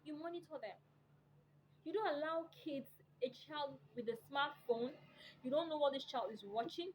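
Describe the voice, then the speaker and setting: Emphatic high-voiced woman lecturing parents. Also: moderate pace, slight background noise, rough recording. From Africa. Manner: emphatic, preachy, repeats points and asks rhetorical questions. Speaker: vlogger addressing parents. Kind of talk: impassioned opinion monologue.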